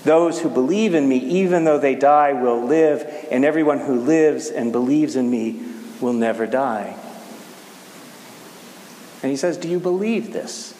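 A man preaching a casual sermon, talking in a conversational, halting way with frequent restarts. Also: medium pitch, mellow. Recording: echoey hall with faint hiss.

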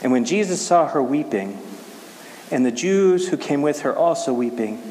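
A man preaching a casual sermon, talking in a conversational, halting way with frequent restarts. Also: a little high, lively intonation, a little mellow. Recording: echoey hall with faint hiss.

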